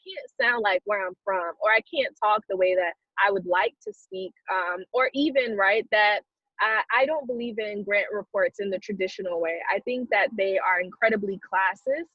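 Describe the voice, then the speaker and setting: A woman with a Southern US accent talks through an interview in a thoughtful, measured way, pausing on soft fillers. Her voice sits at a middling pitch and comes through a video call. The sound is dry and a little dull, like a lo-fi recording. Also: lively intonation, no room sound. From South Carolina, US. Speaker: philanthropy guest. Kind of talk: earnest conversational interview.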